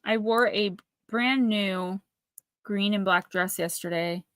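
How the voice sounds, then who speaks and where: A woman hosts a live stream of oracle card readings, talking in a loose, rambling and animated way. Her voice is bright and forward. The sound is close and dry. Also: mid-range voice, takes it slowly, clean tone, no echo. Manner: chatty, rambling, animated storytelling.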